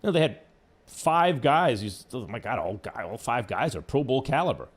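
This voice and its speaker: A man's voice: mid-range voice, moderate pace, breathy edge. A man hosting sports talk radio, arguing his points with mocking asides in a studio. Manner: animated, argumentative, mocking asides.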